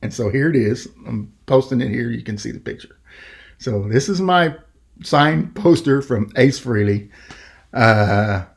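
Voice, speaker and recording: A man's voice: medium pitch, unhurried, creaky. Man telling a rambling podcast story. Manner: rambling, animated, acts out quoted voices. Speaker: podcast host. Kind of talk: casual storytelling.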